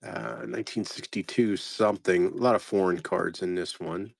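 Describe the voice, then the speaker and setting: This is a postcard reseller casually commenting as he sorts lots of cards, muttering place names in sequence and trailing off. He has a low, creaky voice with fairly even intonation and talks at a normal speed. The recording is dry, clean studio sound.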